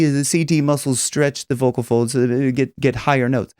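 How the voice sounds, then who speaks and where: A man's voice: mid-range voice, steady tone, normal speed, hardly any pauses, warm tone, smooth, no echo. Chatty male vocal coach, dry sound. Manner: rambling with many restarts and demonstrations. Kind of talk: casual teaching monologue.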